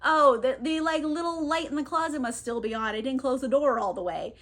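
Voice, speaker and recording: A woman's voice: high-pitched, a little fast, fairly bright tone. A woman voicing a flustered, bewildered young woman who talks in casual slang while retelling a book. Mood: puzzled.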